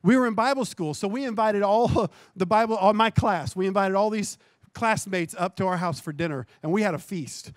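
A man, a pastor, preaching a sermon and telling a personal testimony, with animated storytelling that repeats phrases for emphasis. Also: high-pitched, moderate pace, no room sound.

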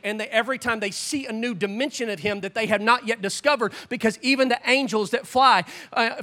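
A man in his forties preaching a sermon as pastor, animated and joking, with sudden loud bursts. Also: extremely high pitch.

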